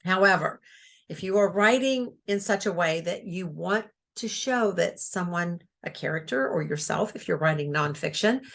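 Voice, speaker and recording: A woman's voice: fairly low pitch, animated, moderate pace, vocal fry, fairly bright tone. A middle-aged woman giving a casual writing lesson, reading example sentences aloud with expression. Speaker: writing teacher. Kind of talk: casual instructional talk.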